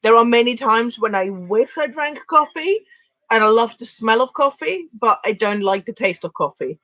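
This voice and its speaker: A woman from Switzerland co-hosting a live stream in casual chat, talking quickly with lots of fillers. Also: fairly high pitch, lively intonation, fairly bright tone, dry recording, poor audio.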